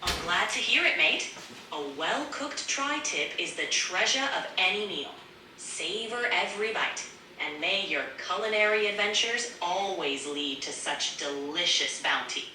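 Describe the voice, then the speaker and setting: A woman's voice: lowish voice, animated, measured pace, sharp tone, recorded from a distance, a little hiss or hum, heavily acted. A synthetic woman's voice putting on a hammy, upbeat pirate act. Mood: jolly. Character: cheery female AI doing a pirate. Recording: echoey room, voice from across it.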